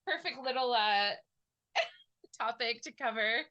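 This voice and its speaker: A woman's voice: on the high side, takes it slowly, pushed and bright, highs cut off. A woman hosting an interview podcast, asking questions and reacting with enthusiasm. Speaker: podcast host. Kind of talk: casual interview chat.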